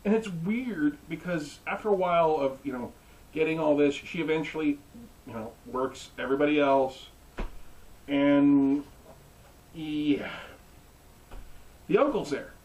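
A young man giving a joking, animated recap as a reviewer. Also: fairly high pitch, a little slow, pauses often, distant mic, lo-fi sound. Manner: animated, joking, mimics characters. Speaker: anime reviewer. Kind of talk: comedic recap.

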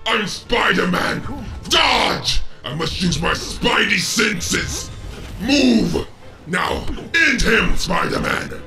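A man voicing a smug, boastful male alien tyrant who trash-talks crudely while playing a game, in a comedic parody. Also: medium pitch. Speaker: gameplay parody voice actor. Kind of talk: comedic gameplay parody voice acting.

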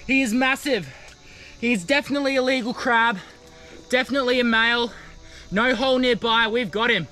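A young Australian man with an Australian accent, excitedly narrating an outdoor vlog as he crawls through muddy mangroves. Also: very high-pitched, a little fast, long pauses, soft background music. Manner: energetic, excitable, says mate often. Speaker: wildlife adventure vlogger.

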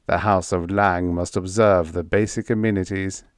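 A man reading aloud, voicing an impassive guardian robot with a flat, formal drone. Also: sits low, normal speed, dry recording, clean studio sound, natural voice.

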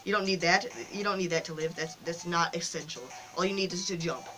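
Bright, excitable young woman gaming. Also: on the low side, a little fast, soft background music, rough recording. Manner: excitable, cheers the game character on loudly. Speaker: mobile game player. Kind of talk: casual gameplay commentary. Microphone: phone.

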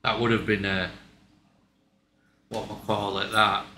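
A man's voice: fairly low pitch, level tone, measured pace, sharp tone. A man chatting casually at home, blunt, stumbling over his words and swearing. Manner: blunt, stammering restarts, swears. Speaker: co-host. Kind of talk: casual chat. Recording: echoey room, faint ambient noise.

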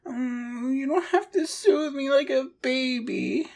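A woman's voice: sits high, takes it slowly, a little mellow. A woman performing a scripted audio role-play, talking in a pouty, whiny, protesting way.

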